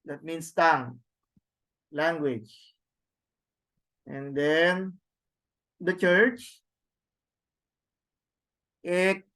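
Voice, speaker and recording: A man teaching a class, slowly sounding out words and repeating them with tag questions. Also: on the high side, a bit bright. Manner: slow, repetitive drilling with tag questions. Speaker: Greek teacher. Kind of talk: classroom lesson, reading words aloud.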